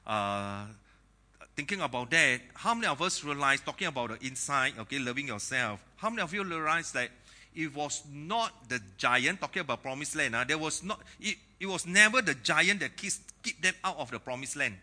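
A man preaching a sermon to a congregation, lively and joking, laughing at his own asides. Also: on the high side, moderate pace. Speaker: pastor.

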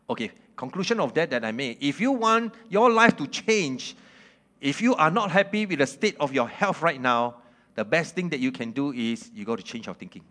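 In a mid-range voice, a male preacher delivers a lively sermon, repeatedly posing questions to the audience. He laughs often and talks in simple, broken grammar.

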